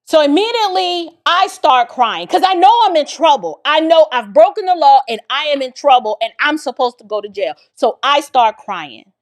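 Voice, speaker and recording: A woman from the Bronx telling a personal story in a casual, expressive way, talking straight to her listeners. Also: high-pitched, normal speed, few pauses. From the Bronx, New York. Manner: animated and expressive, addresses listeners directly.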